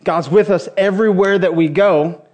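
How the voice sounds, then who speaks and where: A man's voice: sits high, normal speed, darkish tone. A man preaching a sermon to a congregation, telling funny personal stories in a conversational way. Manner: humorous storytelling, conversational. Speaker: pastor. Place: church before a congregation.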